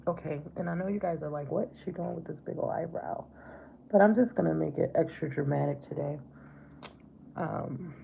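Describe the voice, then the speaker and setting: A middle-aged woman chats through a makeup livestream, greeting viewers by name and calling them babe. Her voice is low, dark and heavily gravelly. The sound is slightly dull and lo-fi, with a faint hiss behind it. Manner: chatty, affectionate, calls viewers babe and baby. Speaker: livestream host. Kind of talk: casual makeup livestream chat.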